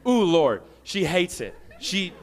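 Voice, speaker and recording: A young man giving a fervent sermon as a guest preacher, rising to shouts and dropping into quick asides. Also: high-pitched, big pitch swings.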